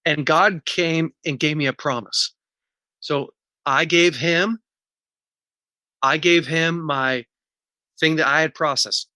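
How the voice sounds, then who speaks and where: Earnest man with a bright voice. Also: fairly high pitch, fairly even intonation, slow pace, long pauses, no echo. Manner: earnest, teaching in numbered steps; candid and emotional about personal pain. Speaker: podcast guest, recovery coach. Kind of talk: podcast interview.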